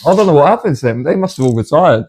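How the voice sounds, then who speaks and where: A man's voice: a little high, expressive, rapid-fire, darkish tone, husky. A young man in casual podcast chat, laid-back and jokey, using slang.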